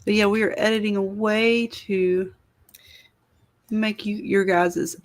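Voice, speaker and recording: A woman's voice: medium pitch, little pitch movement, takes it slowly. A woman co-hosting a casual livestream, thinking aloud and distracted while she edits a video. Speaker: co-host editing a video.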